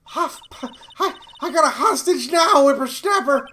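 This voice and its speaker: Cranky old woman guard, huffing and puffing, high pitch, swooping delivery, put on by a streamer. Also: animated, moderate pace, bright, forceful tone, a little hiss or hum. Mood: huffing, cross. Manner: huffs and puffs between words, scolding. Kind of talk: reading game dialogue aloud on stream.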